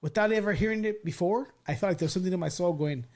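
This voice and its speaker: Fast-talking, high-voiced man telling stories. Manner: animated storyteller, swears freely, acts out quotes. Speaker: podcast host. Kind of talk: casual chat.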